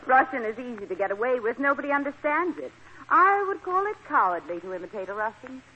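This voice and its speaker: A woman's voice: high-pitched, big pitch swings, quick pace, bright, forceful tone, heavily acted. An actress playing a flippant young American woman crook, with breezy 1940s radio acting. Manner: breezy, teasing. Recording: dull, hissy 1940s radio broadcast.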